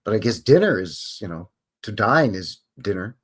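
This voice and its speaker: A man's voice: on the low side, sing-song, normal speed, breathy edge. A man hosting a livestream, chatting casually with viewers in a rambling, self-questioning way. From Canada. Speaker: livestream host. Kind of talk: casual chat with live viewers.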